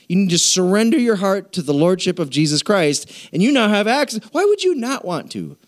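Animated high-voiced preaching man. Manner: animated, emphatic preaching with sudden shouted yeses. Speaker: pastor. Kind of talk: sermon.

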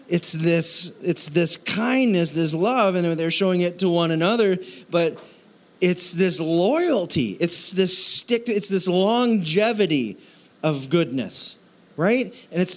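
Middle-aged male pastor, relaxed and joking sermon delivery, slightly high voice. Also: slow. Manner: casual, joking, animated storytelling.

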